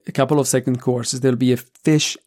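A man hosting a podcast, talking in a relaxed way with frequent pauses and fillers. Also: mid-range voice. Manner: relaxed, thoughtful, many fillers. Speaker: podcast host. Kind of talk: casual conversation.

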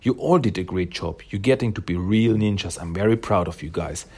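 A man voicing a calm, encouraging ninja turtle who talks to his young students in a reassuring, matter-of-fact way. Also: low voice, a little fast, a little hiss or hum, pitched below the performer's own voice. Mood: proud.

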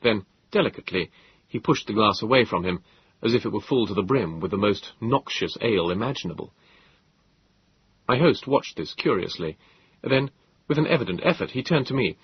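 A man narrating an audiobook in a measured, expressive storytelling manner. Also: lowish voice, breathy edge, dry recording, lo-fi sound. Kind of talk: scripted narration.

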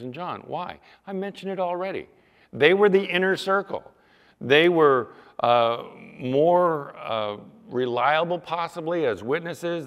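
A male pastor preaching a sermon, animated, sometimes mimicking whiny apologies in a raised voice. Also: mid-range voice. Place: church sanctuary. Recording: long church reverb.

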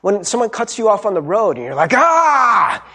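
A man's voice: high voice, animated, fast, slightly rough. A man preaching a sermon as pastor, talking in a conversational way with frequent restarts, little asides and light humor.

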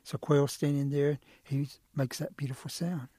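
A man telling a traditional animal folk tale in a relaxed, rhythmic way. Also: a little high, moderate pace, very noisy. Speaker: storyteller. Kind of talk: traditional oral storytelling.

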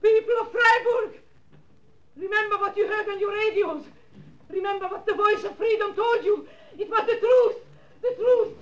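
A woman's voice: very high-pitched, normal speed, a bit bright, lo-fi sound. An actress playing a condemned woman who proclaims her farewell to a crowd in a 1940s-style radio drama. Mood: defiant. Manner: proclaiming with fervor. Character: defiant woman facing the gallows. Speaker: condemned secret broadcaster.

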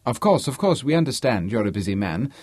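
A man playing a nervous, flustered academic, effusively gracious. It is read in the reader's own slightly husky voice in a dry booth. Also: medium pitch, big pitch swings, fairly quick, darkish tone, dry recording. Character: nervous, flustered male don.

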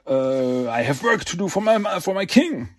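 A man's voice: high-pitched, big pitch swings, moderate pace, pitched above the performer's own voice. Man doing a cold defiant young turtle. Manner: curt, dismissive.

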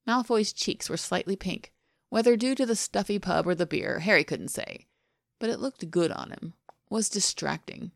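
A woman narrating a fan fiction story aloud in an even, intimate storytelling way. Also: lowish voice, normal speed, gravelly, no echo, clean studio sound. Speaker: podfic reader.

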